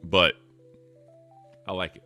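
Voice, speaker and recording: A man co-hosting a casual livestream chat in a deep voice, upbeat and thanking chat members by name. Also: slow pace, pushed and bright, soft background music. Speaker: co-host.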